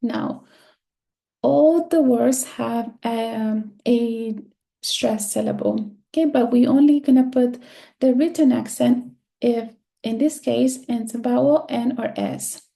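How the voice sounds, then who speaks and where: A woman teaching a screen-share lesson, speaking slowly and patiently and repeating words to drill the stress. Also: fairly high pitch, creaky, mellow. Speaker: Spanish teacher.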